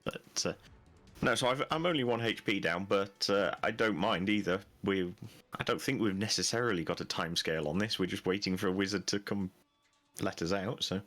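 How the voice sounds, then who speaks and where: A man's voice: sits low, fairly quick, a bit bright, faint music behind. A man playing a tabletop game, thinking aloud in a hesitant, casual way. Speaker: player.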